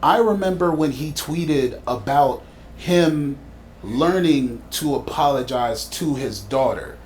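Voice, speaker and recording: A man's voice: fairly high pitch, slow pace, a little mellow, slight background noise. A man talking in a thoughtful, reflective way during a casual podcast conversation.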